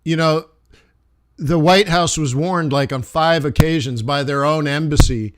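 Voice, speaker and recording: Middle-aged male trader, fairly high voice, loose animated livestream talk. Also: a little slow, noisy background. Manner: animated, rambling, restarts and acted asides. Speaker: forex trader streaming live. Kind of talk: casual livestream commentary.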